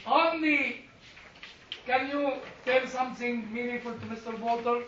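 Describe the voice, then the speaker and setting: Speaking a little slowly in an extremely high pitch, this man runs a church Bible class discussion, lively and full of questions and self-deprecating humor. Background noise is present, and the far-off room mic gives an echoey, somewhat dull sound.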